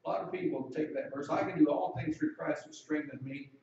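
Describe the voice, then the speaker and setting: A man's voice: on the high side, fairly quick, a little mellow, heavy reverb, far from the mic, lo-fi sound. A man preaching a sermon in a conversational way, asking the congregation questions.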